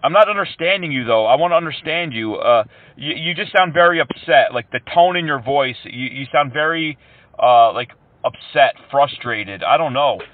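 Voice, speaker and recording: Prank-call host, man with a slightly high voice, mock-earnest, tinny phone sound. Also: normal speed, dry recording. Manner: calm, mock-earnest, drops broken Hindi words. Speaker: prank caller and show host.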